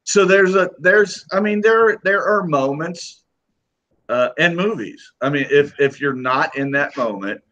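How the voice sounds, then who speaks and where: A man's voice: fairly high pitch, measured pace, a bit bright, dull audio. A man co-hosting a casual podcast chat, opinionated and emphatic, swearing as he argues his case. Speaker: podcast co-host.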